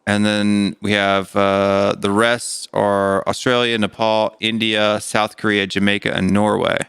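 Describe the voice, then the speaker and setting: A man's voice: lowish voice, completely flat delivery, measured pace, creaky, fairly bright tone, clean tone, no echo. An American man hosting a football fan livestream, chatty and thinking aloud with frequent fillers. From United States. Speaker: livestream host. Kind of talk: casual livestream chat.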